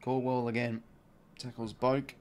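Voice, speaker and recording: A young Australian man calls the footy live from his desk mic, mixing quick play-by-play with laid-back chat to viewers. His voice sits at an everyday middle pitch and lifts with excitement when a goal goes through. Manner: chatty, reads chat aloud, excited on goals. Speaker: live watch-along host. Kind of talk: casual play-by-play commentary and chat.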